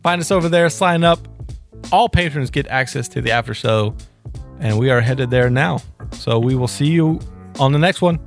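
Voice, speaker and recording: A man's voice: mid-range voice, soft background music. Chatty man on a podcast. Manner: chatty, quick to laugh. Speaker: podcast co-host. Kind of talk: casual chat.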